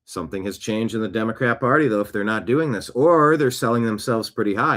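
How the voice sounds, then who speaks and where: A man's voice: on the low side, brisk, hardly any pauses, fairly bright tone, a little hiss or hum. A man hosting a talk show, giving scornful, emphatic opinions on the news. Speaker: show host.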